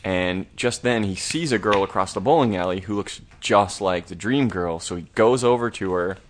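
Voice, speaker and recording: A man's voice: low voice, normal speed, a little hiss or hum. A man co-hosting a horror review podcast, recapping an episode in a rambling, laid-back way with the odd curse. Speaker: podcast co-host. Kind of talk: casual plot recap.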